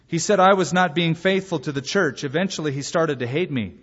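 A male pastor delivers a sermon with a husky, fairly high voice that swings widely in pitch. He acts out short bits of dialogue as he preaches. The recording is muffled, and his voice carries a long hall reverb. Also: a little fast. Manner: lively preaching, acting out dialogue. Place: church sanctuary.

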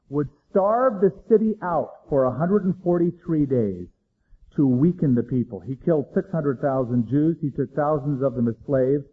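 Husky man preaching a dramatic sermon. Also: narrow, tinny audio. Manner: dramatic, swings between loud emphasis and hushed low lines. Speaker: pastor.

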